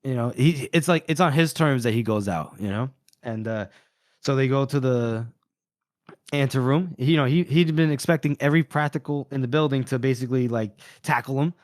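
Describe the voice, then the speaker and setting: A man's voice: mid-range voice, no room sound. Man, podcast co-host, rambling retelling, dry close sound. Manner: rambling, retells scenes doing quick character voices. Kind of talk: casual book discussion.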